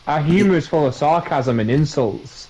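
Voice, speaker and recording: A man's voice: fairly high pitch, expressive, normal speed, a little mellow, slightly rough, lo-fi sound. Blunt Yorkshire man. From Yorkshire, England. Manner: blunt, swears casually. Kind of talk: casual chat.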